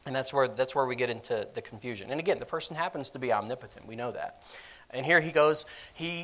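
A man's voice: medium pitch, fairly bright tone. A man preaching a sermon in a conversational style, acting out quoted voices with lots of fillers.

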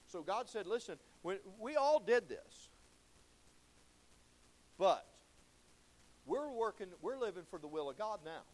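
A man preaching a sermon in a church, folksy, swinging between loud exclamations and low, intense passages. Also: lively intonation, normal speed. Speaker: pastor.

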